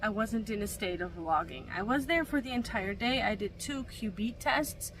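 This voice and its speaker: A woman's voice: medium pitch, lively intonation, normal speed, fairly bright tone, slight background noise. A young woman chatting in a casual vlog, rambling with many fillers and restarts. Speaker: vlogger. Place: camper van.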